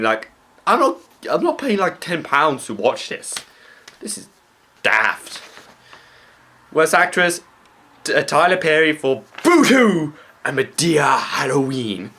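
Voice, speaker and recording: A man's voice: medium pitch, lively intonation, a little slow, a bit bright. A man giving casual comedic commentary as a vlogger, rambling with fillers. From Britain. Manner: rambling, with frequent fillers and restarts.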